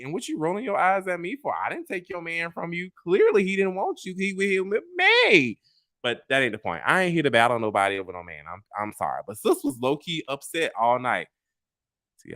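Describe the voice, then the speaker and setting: A man hosting a vlog, telling stories in a sassy, animated way straight to his viewers and laughing at his own tales. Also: medium pitch, no echo, studio quality. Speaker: vlog host. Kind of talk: casual storytelling monologue.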